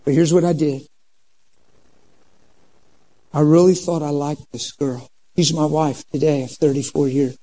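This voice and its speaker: Preacher in his 50s, warm, slightly high voice, animated testimony. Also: unhurried, long pauses, low-quality recording. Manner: animated storytelling, acts out quoted dialogue. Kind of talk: sermon testimony.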